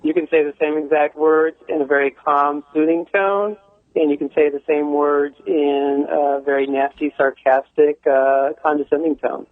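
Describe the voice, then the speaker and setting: A man appearing as an expert guest on a radio show, explaining calmly and acting out example phrasings. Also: a little high, moderate pace, no room sound. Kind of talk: radio phone interview. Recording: phone line.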